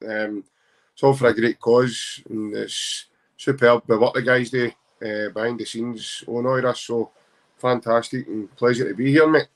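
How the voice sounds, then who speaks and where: A Scottish man with a mid-range voice chats casually as a podcast guest. He is jokey and lively and teases himself. His accent comes from Glasgow. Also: mid-range voice, a little slow. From Glasgow, Scotland. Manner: jokey, animated, self-mocking.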